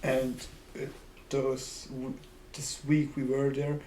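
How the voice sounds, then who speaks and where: Man, podcast co-host, monotone delivery, echoey room, faint background noise. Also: medium pitch. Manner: relaxed, halting storytelling. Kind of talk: casual chat.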